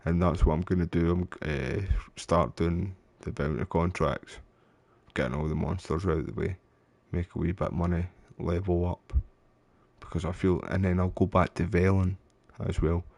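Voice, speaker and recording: A man's voice: sits low, fairly even intonation, moderate pace, creaky, a little mellow, no echo. A Scottish man streaming a game live, chatting away and getting frustrated, calling his viewers mate and bro. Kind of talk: live gameplay commentary.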